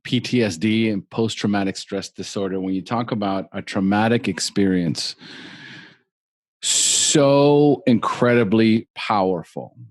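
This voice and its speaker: A man's voice: lowish voice, measured pace, no echo. Laid-back male podcast host. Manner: laid-back, says "dude" and "like". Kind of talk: casual interview chat.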